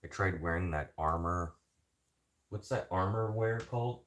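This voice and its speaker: A man from Canada hosting a casual livestream chat, swearing freely and rambling between topics with sudden loud bursts. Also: low-pitched, unhurried. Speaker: livestream host.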